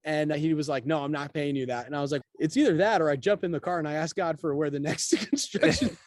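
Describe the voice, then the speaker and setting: A man's voice: a little high, quick pace, darkish tone, no echo. A man being interviewed as a guest, telling his story casually and acting out the quotes of people in it. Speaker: guest, real estate broker.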